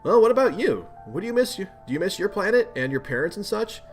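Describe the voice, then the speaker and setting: A man's voice: high voice, sing-song, fast talker, soft background music, pitched above the performer's own voice. A man playing an earnest polite teen boy. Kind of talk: webcomic read-aloud voice acting.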